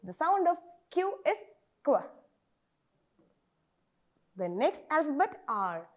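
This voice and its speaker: A woman's voice: high-pitched, big pitch swings, slow pace. A woman from Kerala with a Malayali English accent, teaching phonics to children and repeating each letter sound over and over. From Kerala, India.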